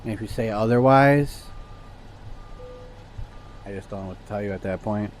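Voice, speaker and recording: A man's voice: lowish voice, moderate pace, slight background noise. A man streaming a game, chatting casually and ranting to his viewers with plenty of swearing. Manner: profane, ranting to chat. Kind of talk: casual gameplay chat.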